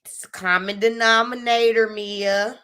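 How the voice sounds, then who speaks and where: Young woman, bright voice, chatty live-stream recap host, loose and conversational, keeps checking in with viewers. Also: a little high, steady tone, measured pace, smooth. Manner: chatty, addresses viewers directly, frequent "like" and "you know what I'm saying".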